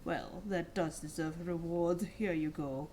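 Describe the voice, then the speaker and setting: A woman's voice: on the low side, fairly even intonation, a little slow, warm tone, slight background noise, natural voice, low-quality recording. Zeke, a grumpy boss who dislikes children, as a woman puts it on. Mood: grumbling.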